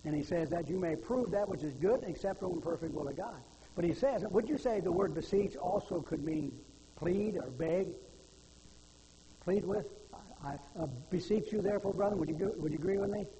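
Older preacher, high-pitched and fervent. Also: male voice, fairly quick, warm tone. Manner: folksy storytelling, rising to fervent pleading. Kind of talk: sermon. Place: church sanctuary. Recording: echoey church hall with faint noise.

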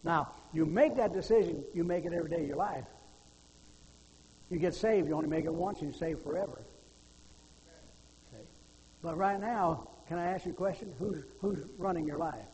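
An older male preacher with a high voice delivers a sermon in a church. He moves between homespun storytelling and fervent pleading. The sound carries a long hall reverb and a faint hum of background noise. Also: fairly quick, darkish tone. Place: church sanctuary.

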